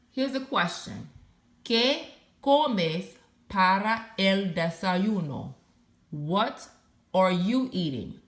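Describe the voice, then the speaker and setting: A woman's voice: on the low side, a bit bright, roomy sound. A woman teaching a recorded Spanish lesson, patiently spelling out verb endings letter by letter.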